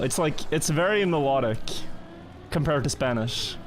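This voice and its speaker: A man's voice: mid-range voice, expressive, moderate pace, slight background noise. A young man chatting casually with his viewers during a live game stream, rambling and joking as he thinks aloud. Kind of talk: casual live-stream chat while gaming.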